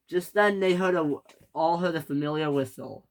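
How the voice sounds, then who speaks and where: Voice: medium pitch, normal speed. A narrator telling a toy train story off the cuff, correcting slips as they go. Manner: unscripted, self-correcting.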